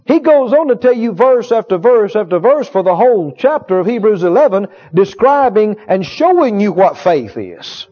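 A man preaches with a high, ringing voice, hammering key phrases again and again and pausing to draw agreement from his listeners. The recording is dull and lo-fi. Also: very animated. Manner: emphatic, repetitive, call-and-response with the congregation. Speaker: healing school teacher and preacher. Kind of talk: sermon. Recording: dull lo-fi sound.

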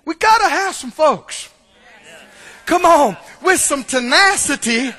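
A male preacher delivering an animated sermon and calling for answers from the congregation. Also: extremely high pitch, slow pace. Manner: animated, calls for responses from the congregation. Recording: long church-hall reverb.

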